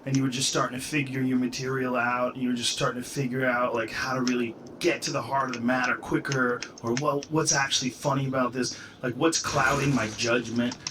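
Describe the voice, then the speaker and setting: A man's voice: mid-range voice, level tone, fairly quick, hardly any pauses. Male host, mid-range voice, rambling casual talk, heard from a distance with background noise. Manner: loose, rambling, says "like" often. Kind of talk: casual podcast chat.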